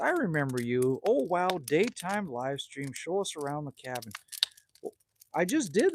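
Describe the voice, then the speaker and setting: Against a noisy background, a middle-aged man streams live beside a campfire outdoors. Originally from the Northwest Territories in Canada, he has a high-sitting voice and reads viewers' chat, joking and speaking bluntly.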